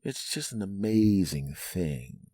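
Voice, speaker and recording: This podcast host has a low, expressive, warm voice and takes his time, recorded clean in a studio with no room sound. His comedic monologue rambles through jokey asides, and he keeps tossing in "right?"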